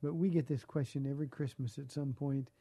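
Older man, dark mellow voice. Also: medium pitch, steady tone, husky, no room sound. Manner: gentle, encouraging, halting with restarts. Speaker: radio show host and pastor. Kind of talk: call-in radio talk. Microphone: studio microphone.

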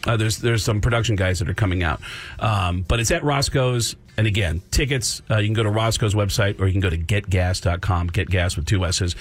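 A male comedian and impressionist, a radio guest, telling stories in an animated way and slipping into voices. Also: fairly low pitch, fairly quick. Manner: animated storyteller, slips into voices. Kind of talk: casual radio talk.

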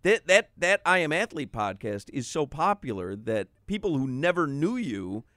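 A man's voice: a little high, very animated, normal speed, fairly bright tone, dry recording. A male sports radio co-host in casual studio banter, chatty and laughing often as he plugs the show. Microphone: studio microphone.

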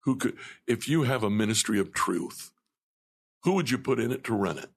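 Husky, gravelly man on a faith podcast. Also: medium pitch, expressive, normal speed. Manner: laughs often, thoughtful, retells scripture. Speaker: podcast co-host. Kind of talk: casual faith discussion.

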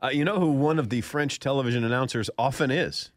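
A man's voice: mid-range voice, quick pace, no echo. Jokey male radio host in a dry studio. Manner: jokey, laughs often while telling stories. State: scratchy throat. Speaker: golf radio show host. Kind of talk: casual studio chat and storytelling.

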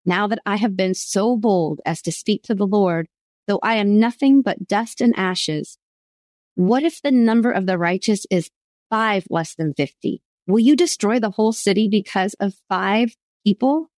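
A woman's voice: mid-range voice, a little slow, darkish tone, no room sound, close to an everyday voice. A woman reading the lines of Abraham, an old man pleading earnestly with God, with added emphasis.

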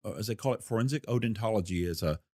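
A man's voice: fairly low pitch, lively intonation, very fast, a little mellow, no room sound, clean studio sound. A man, a former federal investigator, telling a case story in a folksy, plain-spoken interview manner and acting out the voices he quotes.

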